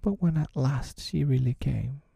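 Man doing a quiet, solemn boy in a low husky whisper for a whispered role-play storybook. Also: measured pace, no echo, clean studio sound, heavily acted. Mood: guilty. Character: timid, solemn young boy, shy and guilty.

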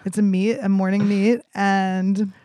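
A young woman from near Philadelphia rambles through a podcast chat, bawdy and quick to laugh. Her voice is mid-pitched for a woman and recorded close and dry. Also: little pitch movement, dark tone, dry recording. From Philadelphia suburbs, US. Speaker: podcast guest. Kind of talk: casual chat.

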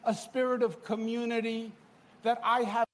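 Slow, solemn New politician, high voice. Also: male voice, little pitch movement. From New York.

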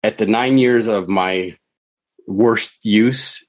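Middle-aged guy, lowish voice, dry close sound, rambling candid storytelling w lots of "you know". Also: takes it slowly, no room sound. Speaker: podcast guest, author and counselor.

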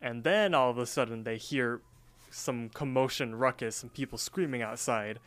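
A man co-hosting a casual podcast, walking through a cartoon episode scene by scene. He drops into little character voices whenever he quotes someone, then slides back into relaxed chat. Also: mid-range voice, normal speed. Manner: animated retelling that acts out the characters' lines. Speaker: podcast co-host.

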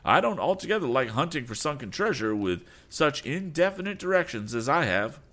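A man's voice: fairly high pitch, very animated, brisk, a bit bright, voice pushed up. A man voicing a scheming rival agent who taunts with a mocking tone. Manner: sneering, taunting.

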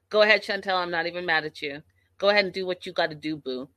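Woman, sassy, lively recap host, speaking to camera. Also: fairly low pitch, quick pace. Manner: sassy, animated, talks straight to viewers. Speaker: reality TV recap vlogger. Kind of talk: casual recap commentary.

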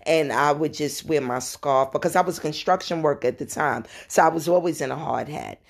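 Podcast host: New woman, low voice, chatty storyteller with laughing asides. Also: moderate pace, gravelly. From New York. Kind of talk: casual storytelling.

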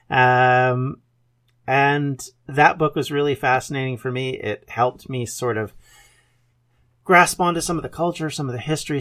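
Hosting a podcast, a man in his fifties with a Canadian English accent gives a casual introduction about himself. His voice is medium-pitched and fairly bright, and he rambles earnestly, stopping to correct himself.

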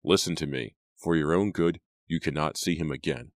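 A man voicing a stern, angry middle-aged father who speaks slowly through clenched teeth. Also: a bass voice, no room sound. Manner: slow, clenched, menacing.

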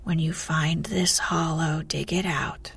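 Ancient male mountain spirit, hoarse and grating, deliberate and low-key; a woman reads it. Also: steady tone, full character voice. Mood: solemn.

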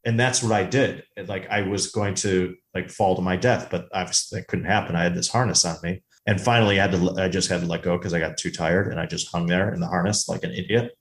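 A man co-hosting a movie podcast, telling a rambling, animated story in casual chat. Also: sits low, fast, few pauses. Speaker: podcast co-host. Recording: roomy echo.

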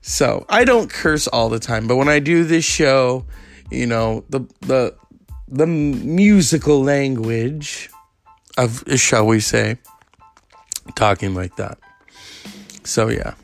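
Speaking slowly with vocal fry and long pauses, a male podcast host delivers a casual monologue of rambling, profane stories full of fillers. His medium-pitched voice is animated, the recording dry, and soft music plays in the background.

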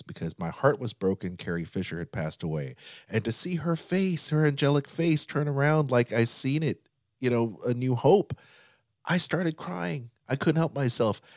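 A man with a fairly low voice co-hosts a casual podcast and tells stories with mounting excitement. He jumps into quoted lines and plays them out as he goes. The sound is dry and close, with no room around it. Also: no echo. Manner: excited storytelling, acts out quotes. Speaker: podcast co-host. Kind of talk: casual chat.

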